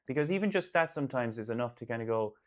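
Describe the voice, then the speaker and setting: A man's voice: mid-range voice, expressive, racing. Earnest, reassuring man talking casually. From Ireland. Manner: earnest, reassuring, repeats himself for emphasis; rambling with many fillers and restarts. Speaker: artist and host. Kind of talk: casual one-on-one talk.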